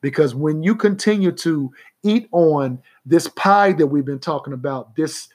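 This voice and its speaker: A man preaching a sermon on a broadcast, reading scripture aloud and often asking his listeners if they get it. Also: fairly high pitch. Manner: reads scripture aloud, slowing down to stress key words. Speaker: radio preacher.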